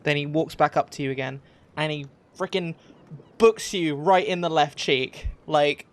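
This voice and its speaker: A man with a slightly high voice narrates a pirate tabletop game as dungeon master at a moderate pace. He sets the scene hesitantly, his speech packed with "um" and "like."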